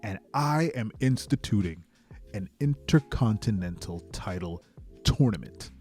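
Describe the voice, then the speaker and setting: A cold, arrogant male wrestling champion, voiced by a man, speaks in low, measured threats. He sounds dismissive and sure of himself. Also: lively intonation, darkish tone, soft background music.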